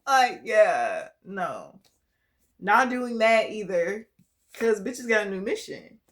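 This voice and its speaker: A woman giving a casual collective tarot reading, talking bluntly and swearing freely. She laughs often and moves between quiet musing and loud, emphatic bursts. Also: medium pitch, big pitch swings, slow pace. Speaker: tarot reader.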